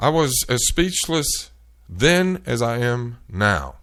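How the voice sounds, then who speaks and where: A man hosting a show, telling an animated, exasperated story in casual chat. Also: medium pitch, slow pace, hardly any pauses. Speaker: show host. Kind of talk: storytelling rant.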